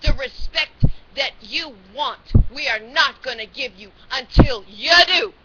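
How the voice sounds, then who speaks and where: High, fiery woman ranting on webcam. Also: unhurried. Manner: fiery, scolding, profane, rising to shouts. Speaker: webcam ranter. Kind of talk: angry webcam rant. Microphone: built-in webcam mic. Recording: dull lo-fi webcam audio with faint noise.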